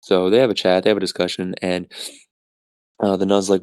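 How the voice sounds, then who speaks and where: Man, podcast host, casual rambling retelling, low voice, dry close sound. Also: flat delivery, fairly quick, pauses often, a little mellow, clean tone, no room sound. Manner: casual, filler-heavy, rambling.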